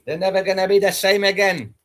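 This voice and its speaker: Guy streaming, ranting n swearing, high bright voice. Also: fairly even intonation, fast. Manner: aggrieved, swearing, rambling rant. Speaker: livestreamer. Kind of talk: ranting livestream chat.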